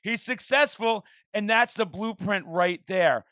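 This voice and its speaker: A high-pitched man hosts a podcast in a fiery, profane rush. He swears freely and piles up his points. The sound is dry and close to the mic. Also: sharp tone, no room sound. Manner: profane, heated, fast-flowing rants. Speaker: podcast host. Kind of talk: casual podcast chat.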